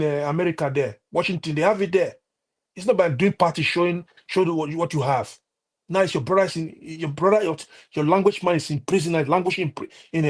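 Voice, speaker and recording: On a live stream, a Nigerian-accented man with a somewhat high, slightly mellow voice delivers a heated, impassioned political rant. He repeats himself, restarts often, and leans on fillers.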